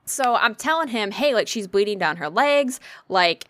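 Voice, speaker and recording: A woman's voice: medium pitch, moderate pace, no echo. A woman telling a personal story in casual chat, blunt and full of swearing. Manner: blunt, heavily profane, animated storytelling.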